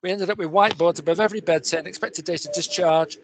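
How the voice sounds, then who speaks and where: A man's voice: high voice, steady tone, fast talker, gravelly, a crowd in the background. A man on a conference panel who rambles and fires off pointed questions. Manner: probing, full of questions, rambling. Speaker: patient representative panelist.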